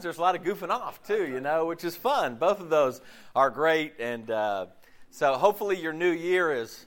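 A male pastor giving a casual sermon, his voice hoarse and deeper than usual from a lost voice, rambling with many fillers and restarts before a congregation. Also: a bit bright. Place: church service before a congregation.

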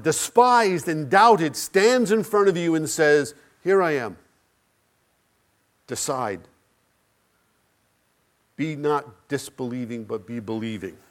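A man preaching a sermon, building with repeated phrases, rhetorical questions and dramatic pauses. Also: sits high.

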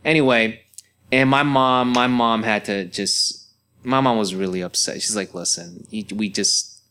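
A man's voice: a little slow, clear, resonant tone. A young man hosting a podcast, telling a story in an angry, profane rant full of cursing. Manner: animated, swings into loud high outbursts. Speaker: podcast host. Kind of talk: ranting monologue.

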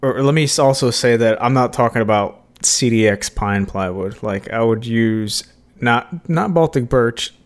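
Casting: easygoing male podcast co-host from Mississippi, casual chat, mid pitch. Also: normal speed. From Mississippi, USA.

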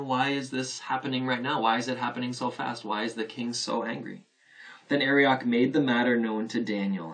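A man's voice: lowish voice, distant mic, low-quality recording. A man preaching a sermon as a pastor, earnest and conversational, posing rhetorical questions to his listeners.

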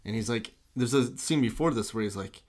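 A man talking casually about a movie, animated and quick to laugh, jumping in and out of loose impressions of the characters. His pitch climbs sharply when he acts out a line.

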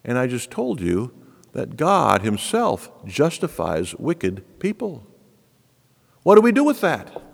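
A man's voice: mid-range voice, huge pitch swings, slow, gravelly. A man preaching a sermon with an emphatic, rising and falling cadence, explaining scripture to a congregation. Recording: long reverb of a large hall.

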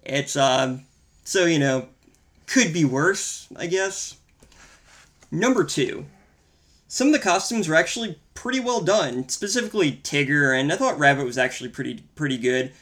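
A man's voice: a little high, normal speed, fairly bright tone. A man co-hosting a casual film-review podcast, talking in a wry, rambling, profane way. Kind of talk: casual chat.

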